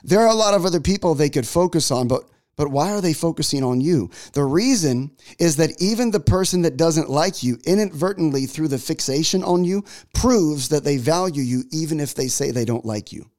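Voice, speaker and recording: A pastor in his forties preaching with a slightly raised pitch, spinning a casual personal story. He talks in a loose, chatty way, doubling back and restarting his phrases as he goes. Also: animated, fairly quick, few pauses, darkish tone. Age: 40s. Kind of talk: sermon.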